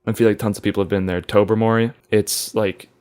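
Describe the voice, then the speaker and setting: A man's voice: on the low side, flat delivery, quick pace, a little mellow, smooth. A man about twenty, co-hosting a podcast, telling a funny story with lots of laughter and swearing. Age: young adult. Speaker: podcast co-host. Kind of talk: casual chat.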